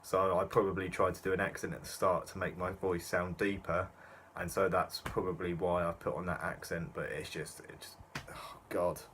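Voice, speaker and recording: A man's voice: low-pitched, level tone, moderate pace, background noise. A young man rambling through self-mocking reaction commentary, with lots of fillers. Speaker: YouTuber.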